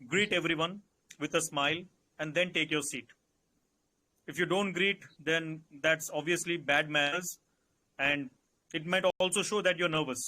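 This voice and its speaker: A man with an Indian English accent coaches candidates in a calm, instructive way and circles back to restate his points. His voice sits high and sounds bright and forward. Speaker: interview coach. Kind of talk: advisory Q&A session.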